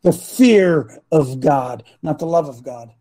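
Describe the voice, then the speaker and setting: A man hosting a talk show as a coach, preaching with passion and at times shouting. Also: fairly high pitch, lively intonation, slow pace. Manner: impassioned, swings to shouting. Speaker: host and coach.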